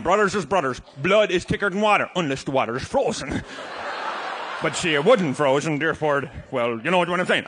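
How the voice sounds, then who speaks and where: A man with a Newfoundland accent telling a comic tall tale to a live audience, shouting and laughing as he goes. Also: high voice. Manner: rollicking, shouting and laughing through a yarn. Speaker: storyteller.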